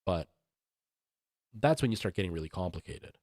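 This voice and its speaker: A man streamer in relaxed casual chat, walking his viewers through mixer settings at length. His voice sits a little low and sounds dry and close on the mic. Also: moderate pace, no echo. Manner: rambling, explaining audio gear to chat. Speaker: livestream host.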